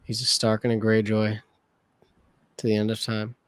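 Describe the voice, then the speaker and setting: A man's voice: fairly low pitch, completely flat delivery, normal speed, soft background music. A man co-hosting a reaction video, talking casually, swearing a lot and getting emotional as he thinks aloud.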